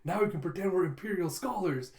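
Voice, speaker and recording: Reader putting on a stiff rich schoolboy, low and slow, solemn, roomy echo. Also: expressive, a little mellow, natural voice. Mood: earnest. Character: Damien, a proud rich schoolboy, stiff and serious.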